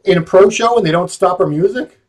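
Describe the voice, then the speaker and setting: A man's voice: sits high, brisk, slightly rough. A man hosting a casual talk show, speaking frankly and in a laid-back way. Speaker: host. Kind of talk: casual chat.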